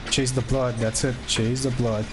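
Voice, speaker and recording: A man streaming a horror game, talking through his play, reacting loudly and yelling warnings at teammates. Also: mid-range voice, normal speed, background noise. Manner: excitable, shouts warnings at teammates, swears. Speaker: gameplay streamer. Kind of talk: live gameplay commentary.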